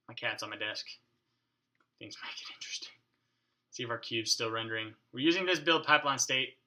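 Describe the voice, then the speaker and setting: In a casual coding walkthrough recorded at his home desk, a man with a mid-range, sharp-toned voice narrates his thoughts as he works. He talks to his code under his breath and jokes, sometimes swearing mildly.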